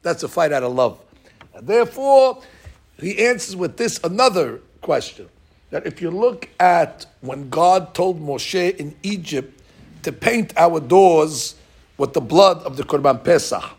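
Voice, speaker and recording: Man, Torah teacher, husky, high voice, animated. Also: measured pace. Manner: animated, acts out quoted dialogue with rising pitch. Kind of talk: Torah lesson.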